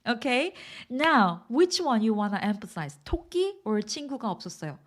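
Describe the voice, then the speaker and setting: A woman's voice: on the high side, big pitch swings, very fast. A woman with a Korean accent teaching grammar in English to learners, patiently repeating example sentences and checking understanding with questions.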